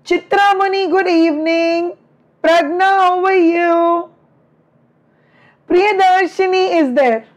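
Indian woman teacher, middle-aged, high and slow, teasing and affectionate, slightly worn throat. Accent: Indian English. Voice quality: strained throat from many lectures. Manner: chatty, affectionate, teasing with students. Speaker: online biology teacher. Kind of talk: live online class, greeting students.

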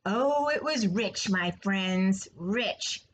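A woman voicing a gluttonous, gloating male rat with a hoarse, sneering voice in a storybook read-aloud. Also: medium pitch, lively intonation, drawn-out words, slight background noise, low-quality recording.

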